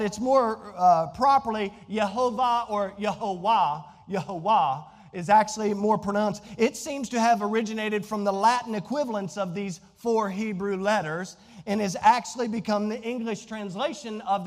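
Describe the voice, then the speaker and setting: A man with a Southern Virginia accent, preaching a sermon as pastor, animated and rising to near-shouts when he quotes scripture. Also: high voice, in a large hall.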